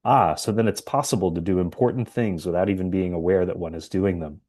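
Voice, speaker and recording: Guy reading a pompous man wondering at his own achievements, mellow voice. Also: deep voice, fairly quick. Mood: musing. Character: self-important man musing on his achievements.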